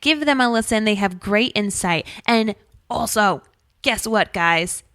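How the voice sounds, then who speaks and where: Upbeat woman co-host, mid-pitched voice, dry close sound, chatty and gushing. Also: expressive, measured pace, fairly bright tone, no room sound. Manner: upbeat and gushing, reading listener feedback. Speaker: podcast co-host. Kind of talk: casual podcast chat.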